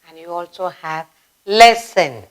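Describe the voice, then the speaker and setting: A woman teaching a grammar lesson for children, slowly acting out example sentences with expressive exclamations. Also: lowish voice. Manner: slow, deliberate teaching delivery.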